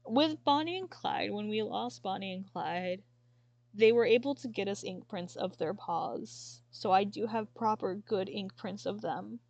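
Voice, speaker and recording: Woman streamer chatting, kinda teary and halting, dry close mic sound. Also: mid-range voice, a little mellow, no room sound. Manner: tearful, halting, with apologies and sighs. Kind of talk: casual chat while showing a sketchbook.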